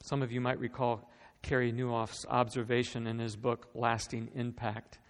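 Male pastor, gravelly voice, earnest storyteller, preaching a sermon in a big echoing hall. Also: medium pitch, level tone, normal speed. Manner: earnest, storytelling, repeats words when starting a phrase. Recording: long reverb of a large hall.

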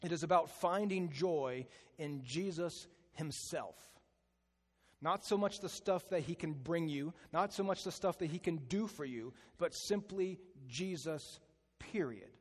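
Pastor preaching in a reverberant hall. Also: male voice, fairly high pitch. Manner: drops to a hushed, slow delivery on key phrases. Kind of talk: sermon.

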